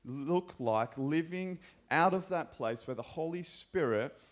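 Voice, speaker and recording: In church, an Australian male pastor who also teaches school scripture tells school stories from the pulpit, casual, upbeat, and chatty with enthusiasm. His voice is a little high, animated, and unhurried.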